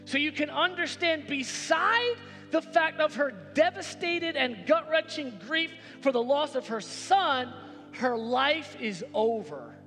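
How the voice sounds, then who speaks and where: Male pastor with a very high, sharp voice, preaching emphatically in a reverberant church hall with music underneath. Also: expressive, slow pace. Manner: emphatic, repetitive preaching with rising exclamations. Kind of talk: sermon. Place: church sanctuary.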